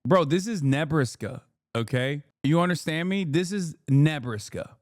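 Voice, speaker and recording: A man's voice: a little high, lively intonation, a little mellow, no room sound, studio quality. A man in his thirties doing sarcastic, mocking reaction commentary on a live stream. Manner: sarcastic, mocking, quick asides.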